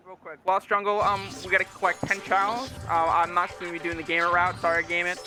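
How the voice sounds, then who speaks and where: A man's voice: high-pitched, level tone, fast. A man explaining his speedrun route in a casual, laid-back way with lots of filler words. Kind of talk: casual live game commentary. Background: game music.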